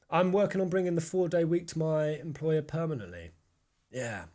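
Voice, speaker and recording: A young man hosts a casual live stream, voice sitting a touch high for a man. He rants with energy and swears freely as he talks. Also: measured pace. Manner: animated, swearing freely, ranting. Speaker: stream host.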